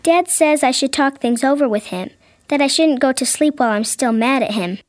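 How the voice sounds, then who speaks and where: A woman's voice: high voice, moderate pace, no room sound, clean studio sound, close to an everyday voice. A woman voicing a young girl who is hurt and sulky with her brother, in a pouty, whiny child's voice, in a family audio drama. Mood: upset.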